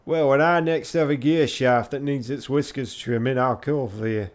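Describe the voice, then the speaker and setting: A man voicing an irritable woman mechanic in a rough, put-on Yorkshire accent, loud and gruff. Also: medium pitch, fairly even intonation, moderate pace, close to an everyday voice. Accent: bad put-on Yorkshire.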